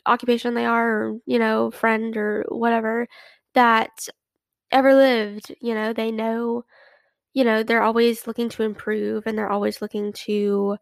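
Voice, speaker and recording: A woman's voice: on the high side, flat delivery, measured pace, vocal fry, dry recording. A young woman hosting a casual solo podcast, chatty and rambling, full of fillers and restarts. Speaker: podcast host.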